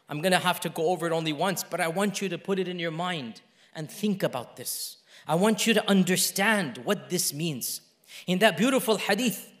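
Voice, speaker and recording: Male preacher, high voice, impassioned sermon, repeats phrases, loud then hushed. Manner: impassioned, rising to loud emphasis and dropping to hushed lines.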